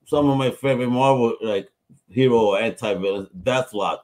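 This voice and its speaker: A man's voice: medium pitch, normal speed, a little mellow. A man hosting a podcast in loose, casual chat, full of slang and swearing, who tells stories with gusto. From Puerto Rico. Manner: loose and profane, slangy storyteller. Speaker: podcast host.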